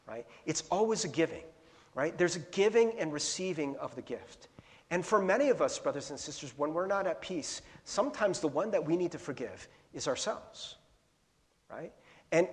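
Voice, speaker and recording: A man with a high voice preaches a casual, conversational sermon from a church sanctuary. He keeps asking his listeners questions and slips into animated impressions of the people he quotes. His words trail off into the long echo of a large hall. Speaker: pastor.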